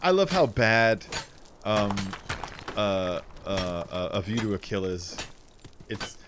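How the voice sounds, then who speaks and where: A man's voice: fairly low pitch, very animated, takes it slowly, noisy background. A man streaming from home, chatting casually in a rambling way, often laughing and mimicking voices. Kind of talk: casual chat. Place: small room at home.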